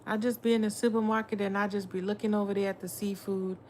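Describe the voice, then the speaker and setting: A woman tarot reader, an adult with a son, chats casually with livestream viewers, blunt and swearing freely. Her voice is medium-pitched, darkish, and fast with little pitch movement, and there's slight background noise.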